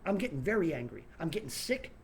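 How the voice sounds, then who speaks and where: A man's voice: fairly high pitch, very animated, fast talker, gravelly, slight background noise. Angry ranting man, stumbling repeats. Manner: angry, swearing, repeats words. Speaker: online commentator. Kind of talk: angry political rant.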